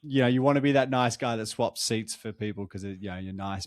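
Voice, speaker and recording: A man's voice: lowish voice, a little fast, few pauses, no room sound. Swearing Australian man, dry close mic. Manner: swearing, animated storytelling. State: tired after travel. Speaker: podcast co-host. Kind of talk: casual chat.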